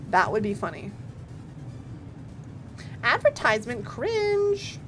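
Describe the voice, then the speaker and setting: A woman's voice: a little high, wildly swooping pitch, slow pace. A woman streaming a game, chatting playfully with her viewers and giggling often. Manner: giggly, playful, talks to chat. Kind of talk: casual gaming stream chat. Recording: faint game music behind.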